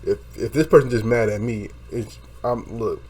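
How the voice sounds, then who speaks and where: A young man casually telling a story, animated and profane, acting out quotes and laughing along the way. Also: lowish voice, normal speed.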